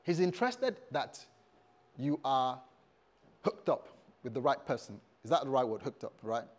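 A male pastor preaching a sermon in a church service, humorous and animated, calling out to the congregation. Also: medium pitch, normal speed.

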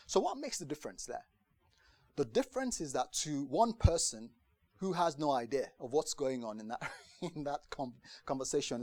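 A man preaching a conversational sermon to a congregation, lively and chatty, acting out the voices he quotes and often asking if they understand. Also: mid-range voice, moderate pace, no echo. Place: church gathering in the UK.

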